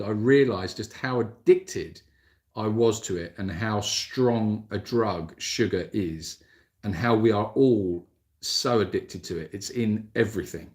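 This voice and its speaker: A man hosting a casual livestream Q&A, rambling and self-deprecating as he answers viewer comments into his mobile phone. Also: fairly low pitch. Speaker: animal sanctuary host answering viewer comments.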